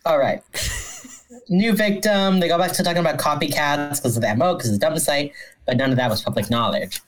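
A woman co-hosting a podcast, recapping a TV episode in casual, dry, deadpan chat. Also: deep voice, fairly quick, low-quality recording. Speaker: podcast co-host.

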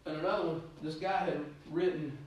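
A man preaching a sermon, rambling through anecdotes and then rising to loud exhortation. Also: on the high side, fairly even intonation, brisk. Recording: echoey room, distant mic, faint noise.

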